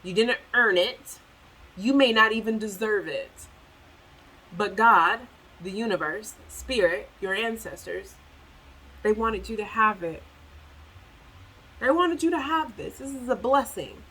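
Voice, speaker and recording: A woman's voice: medium pitch, measured pace, pauses often, bright, forceful tone, slightly rough, poor audio. A woman giving a tarot reading to the viewer, emphatic and preachy, repeating phrases for effect and breaking into sassy, incredulous outbursts. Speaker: tarot reader.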